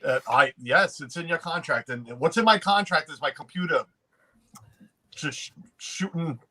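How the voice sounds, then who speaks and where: A man's voice: fairly high pitch, animated, bright, forceful tone. A man hosting a casual livestream, rambling with frequent restarts and laughs while greeting chat. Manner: rambling, self-interrupting, quick to laugh. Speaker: livestream host.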